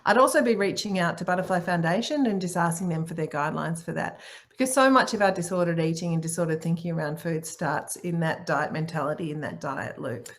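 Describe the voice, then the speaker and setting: A middle-aged woman speaking on a video call, answering questions in a warm, encouraging and playful way. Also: lowish voice, a little fast. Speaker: guest speaker, singer and author. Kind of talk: casual online talk answering questions.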